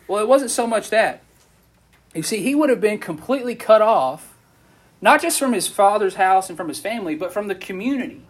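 A man with a high voice and a breathy edge speaks briskly, giving a casual sermon to a youth group. He's conversational and animated, putting questions to the audience as he goes.

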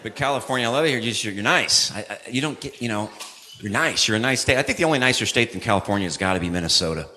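A middle-aged man doing a stand-up comedy routine, telling a story excitedly and putting on voices for his friends. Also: mid-range voice, rapid-fire, few pauses. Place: live comedy venue with audience. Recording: live audience laughter and crowd noise.

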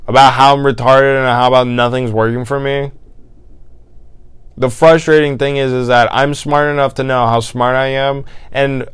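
A frustrated young man vents in a casual solo podcast, swearing often. His voice is smooth and clean, recorded dry with no room around it. He lurches from loud exasperation to low, defeated muttering. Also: steady tone, moderate pace, no echo. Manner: exasperated, profane, swinging between loud outbursts and low mutters. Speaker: podcast host. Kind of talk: casual ranting monologue.

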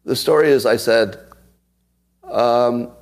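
A man in his sixties from the United States hosts a casual livestream, chatting, laughing, and telling stories to his viewers. He's a podcast host with a mid-range voice, a slow pace, and a darkish tone.

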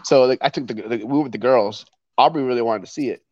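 A man's voice: mid-range voice, fast talker, darkish tone, no echo. Laid-back teasing man, dull lo-fi mic. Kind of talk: casual chat. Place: home.

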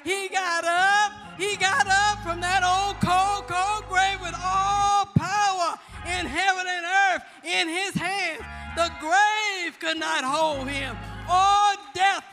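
High-voiced fervent woman preacher. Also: pushed and bright. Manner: fervent gospel preaching with repeated phrases. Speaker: pastor. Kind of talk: sermon. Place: church sanctuary. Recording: church hall reverb with faint music.

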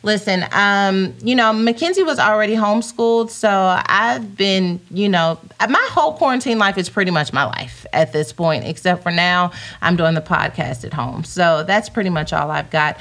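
A woman's voice: medium pitch, expressive, normal speed, hardly any pauses, fairly bright tone. A woman hosting a podcast from home, chatting casually and reading out viewer comments. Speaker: podcast host. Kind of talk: casual live-stream chat reading comments.

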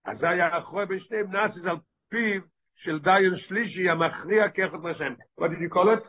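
A male teacher leading a text study class, reading passages rapidly and then explaining them with frequent rhetorical questions. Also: high-pitched, husky. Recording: tinny phone-like line.

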